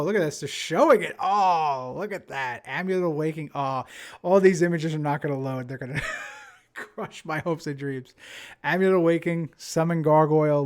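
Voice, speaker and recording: A young man with a New Jersey accent giving chatty, casual live-stream commentary on a card game. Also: a little high. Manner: casual, chatty, with frequent fillers and restarts.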